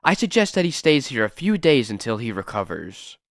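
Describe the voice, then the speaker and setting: A man's voice: mid-range voice, big pitch swings, a little fast, no room sound, studio quality. A man voicing a sinister male asylum doctor who sounds politely menacing. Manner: silkily polite, veiled threats.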